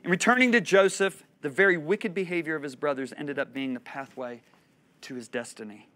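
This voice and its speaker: A man in his fifties preaching a sermon, telling stories expressively and swinging between loud and hushed delivery. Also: fairly high pitch, fairly quick. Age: 50s. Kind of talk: sermon teaching.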